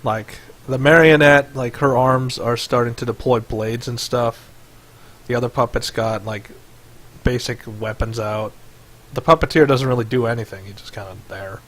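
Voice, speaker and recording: A man's voice: mid-range voice, steady tone, moderate pace, fairly bright tone. A man narrating as game master over voice chat in a loose, filler-heavy way. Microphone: headset or desk mic on voice chat.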